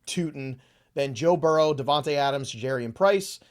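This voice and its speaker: A man's voice: on the high side, a little slow. Man talking through a list, thinking aloud. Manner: rattles off lists of names, thinking aloud. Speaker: podcast host. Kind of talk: casual fantasy football chat.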